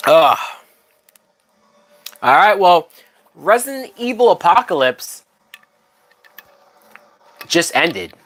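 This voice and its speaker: A man's voice: high-pitched, very animated, slow, long pauses, a bit bright. A drunk man hosting a livestream, giving casual movie commentary in a rambling, profane way that trails off mid-thought. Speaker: livestream host.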